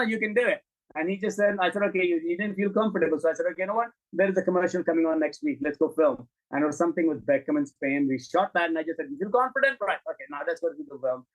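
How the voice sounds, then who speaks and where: Through poor audio comes a high-pitched middle-aged man, a film director guesting on an interview. His anecdotes are animated, candid, and blunt with profanity, and he acts out the quoted dialogue.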